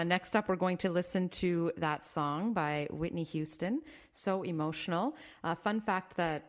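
A woman hosting a community radio show, introducing segments in a relaxed way with small fillers between remarks. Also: lowish voice. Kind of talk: radio presenting.

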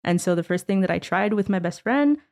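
A young woman from Montreal, in her twenties, chatting relaxed and easygoing as a guest in an interview, often saying "essentially" and laughing easily. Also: mid-range voice, brisk. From Canada, Montreal. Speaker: guest artist. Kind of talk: casual interview chat.

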